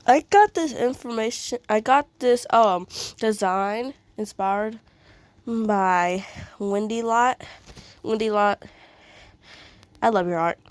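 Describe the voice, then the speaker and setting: A sick, sniffly woman talks slowly through her art in a casual vlog. Her voice sits at a middling pitch, and she rambles and apologizes often, with little giggles between her remarks. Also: dry recording. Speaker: vlogger showing her fan art. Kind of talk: casual showcase chat.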